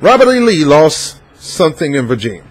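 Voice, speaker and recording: High husky guy riffing on the news, rambly, lots of ums. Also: very animated, fairly quick, rough recording. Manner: rambling, digressive, lots of fillers and laughs. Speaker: vlog host. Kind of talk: casual news commentary.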